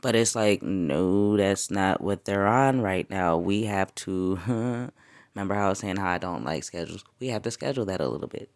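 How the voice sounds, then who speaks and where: A woman talking straight to her podcast listeners in a relaxed, unscripted monologue. She tells stories with lots of energy, curses freely, laughs a lot, and her voice jumps up and down in pitch and loudness. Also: normal speed. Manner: animated storytelling with profanity and frequent laughs; wide swings in pitch and loudness. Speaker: podcast host. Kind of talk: casual spiritual podcast monologue.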